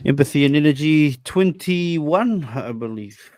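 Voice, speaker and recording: A man hosting a casual podcast chat, laid-back and joking, often trailing off quietly. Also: fairly high pitch, expressive, unhurried, no echo. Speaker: podcast host.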